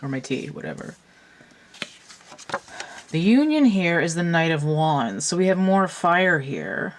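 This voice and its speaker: A woman talks through a tarot card reading in a loose, chatty way. She thinks out loud and drifts into side remarks as she goes. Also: fairly low pitch, very animated, measured pace, a little hiss or hum. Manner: rambling, thinks aloud with asides. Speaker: tarot reader. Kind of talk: casual tarot reading commentary.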